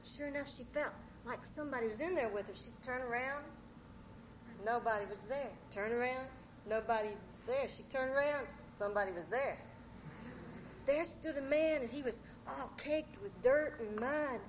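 A woman telling folk tales live to an audience in a church, animated and drawling. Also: high voice, normal speed, a little hiss or hum. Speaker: storyteller.

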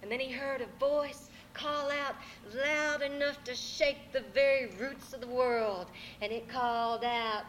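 A woman telling folk tales live to an audience in a church, animated and drawling. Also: high-pitched, measured pace, few pauses, a little hiss or hum. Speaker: storyteller.

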